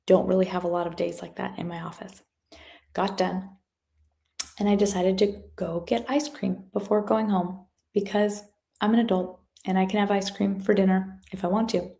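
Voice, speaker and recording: Gravelly low-voiced woman telling a story. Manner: animated, acts out quoted voices. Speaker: guest speaker, chiropractor. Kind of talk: motivational storytelling talk.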